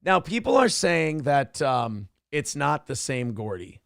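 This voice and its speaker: A man hosting a casual livestream, rambling excitably with crude jokes and cooing to his dog. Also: a little high, unhurried, gravelly, no echo, clean studio sound. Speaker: livestream host.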